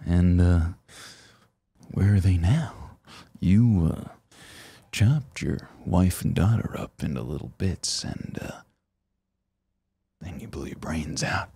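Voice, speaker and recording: A man's voice: mid-range voice, huge pitch swings, takes it slowly, long pauses, mellow, slightly rough, pitched above the performer's own voice, heavily acted. A man doing a sly, unhinged, sneering man. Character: unhinged middle-aged American man, sly and menacing.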